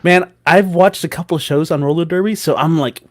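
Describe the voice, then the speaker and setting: A man's voice: on the high side, fairly quick. A man co-hosting a casual show, joking around and teasing in playful banter. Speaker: co-host.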